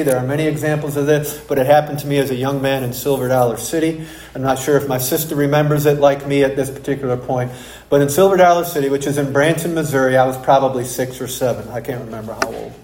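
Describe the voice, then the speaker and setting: A man with a slightly high voice preaches a sermon, reading scripture and then telling stories with emphatic, animated delivery. The sound rings out with a roomy echo, as in a church sanctuary. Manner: storytelling, emphatic and animated in anecdotes. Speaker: pastor.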